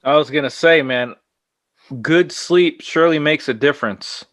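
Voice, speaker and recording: A man's voice: fairly high pitch, normal speed, a bit bright, dry recording, clean studio sound. A man co-hosting an aviation podcast, a pilot, chatting casually and joking along with the host. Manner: laughing, teasing banter. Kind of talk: casual chat.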